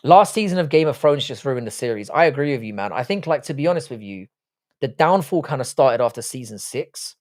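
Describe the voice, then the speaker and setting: A brisk, expressive mid-range voice belongs to an English man in his forties running a laid-back livestream. He greets people by name, reads out the chat, and fires off crude, blunt jokes full of swearing.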